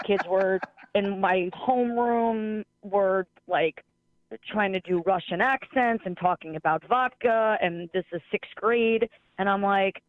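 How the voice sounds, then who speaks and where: Calling into a talk show over a tinny phone line, a schoolteacher vents in an exasperated way, peppering his speech with "like." His voice sits high and he speaks slowly, with no echo, in a casual call-in chat.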